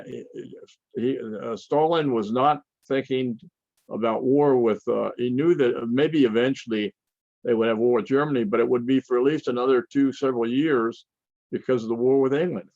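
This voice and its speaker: An older man giving a conference lecture with slides, talking in a halting way with frequent restarts and fillers. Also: mid-range voice, a little mellow, no echo, highs cut off. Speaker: conference speaker.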